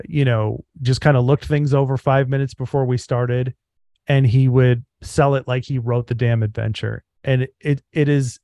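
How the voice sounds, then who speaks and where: An earnest man with a mid-range voice co-hosts a podcast and speaks reflectively. He fills his pauses with "um" and "like". The recording is close and dry. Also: mid-range voice, darkish tone, dry recording. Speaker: podcast co-host. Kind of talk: casual podcast chat.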